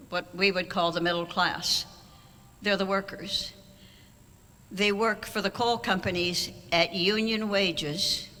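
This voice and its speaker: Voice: mid-range voice, sharp tone. Older speaker telling wry stories in a hall. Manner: wry, anecdotal storytelling. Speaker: award honoree giving a speech. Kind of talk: banquet speech, storytelling. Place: large auditorium hall. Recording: long hall reverb.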